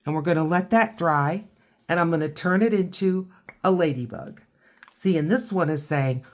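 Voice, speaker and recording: A woman giving a relaxed watercolor tutorial, chatting and thinking aloud as she paints. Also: fairly low pitch, normal speed. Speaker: art teacher.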